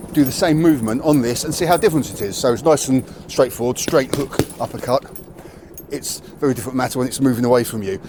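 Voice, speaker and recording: Guy explaining boxing drills outside, plain and straight-talking, bit of background noise. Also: mid-range voice. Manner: plain, matter-of-fact, candid explanations. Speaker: martial arts channel host. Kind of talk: casual training demonstration to camera. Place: outdoors near a tree.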